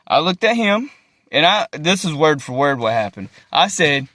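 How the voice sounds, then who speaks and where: Guy venting into his phone, swears a lot, keeps repeating himself, voice sits a bit high, dry close sound. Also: very animated, moderate pace, bright, forceful tone, no room sound. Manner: agitated, profane, repeats himself. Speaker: vlogger. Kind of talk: emotional rant to camera.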